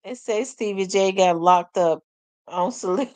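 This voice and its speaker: A woman's voice: mid-range voice, a little slow, a little mellow, no room sound. A woman hosting a casual commentary stream, chatty, exclaiming and laughing as she talks to her viewers. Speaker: host.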